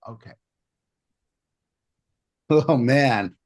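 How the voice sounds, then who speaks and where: A man with a mid-range voice tells a personal story on an interview show. His pitch leaps up when he quotes other people and drops low for his own doubts. He sounds casual and animated. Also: moderate pace. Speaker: podcast guest, hypnotist.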